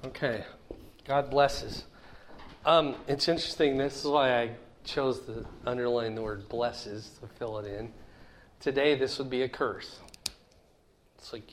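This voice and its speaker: Casting note: middle-aged man, plain mid-pitched voice, folksy Bible teacher who keeps asking the class questions, faint hiss in the background. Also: measured pace. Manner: folksy, asks the listeners questions. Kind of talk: conversational Bible lesson.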